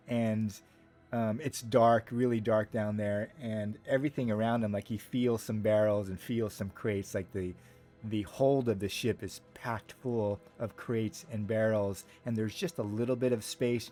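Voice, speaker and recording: Low-voiced man narrating as game master. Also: a little mellow. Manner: rambling, filler-heavy description.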